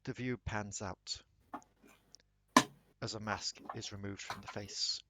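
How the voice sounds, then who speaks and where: A man narrating a tabletop game as dungeon master, slow and dramatic. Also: on the low side, fairly even intonation, heavy background noise.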